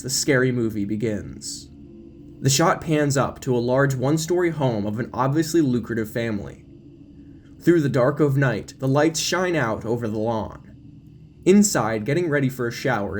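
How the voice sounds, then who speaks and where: Lively male audio drama narrator. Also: medium pitch. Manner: expressive storytelling.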